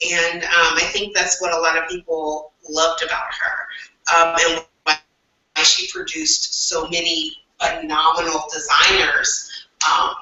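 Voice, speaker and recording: Woman co-host, low and sharp voice, far from the mic in a roomy space. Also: measured pace, lo-fi sound, soft background music. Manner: newsy, with filler ums. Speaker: podcast co-host. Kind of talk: casual podcast chat. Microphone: video call. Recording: roomy, distant video-call audio.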